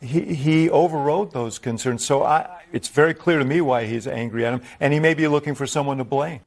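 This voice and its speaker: A man giving measured, deliberate political analysis as a guest, sometimes restarting his phrases. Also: a little high.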